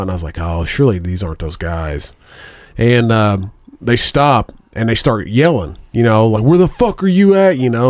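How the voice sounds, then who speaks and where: A man's voice: medium pitch, no room sound. A middle-aged man telling a long profane story in a casual chat, rambling and laughing at his own tale.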